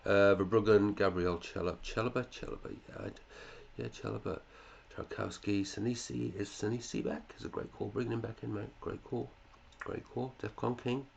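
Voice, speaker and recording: Male podcast host, deep and gravelly, chatty with muttered asides. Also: steady tone, normal speed, few pauses, highs cut off, a little hiss or hum. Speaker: fantasy football podcast host. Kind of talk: casual chat reviewing listeners' teams.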